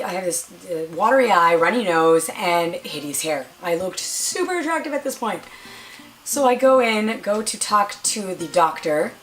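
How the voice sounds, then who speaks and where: A young woman vlogger chatting casually through a storytime, acting out quoted lines in a higher voice and playing up her own drama. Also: slight background noise.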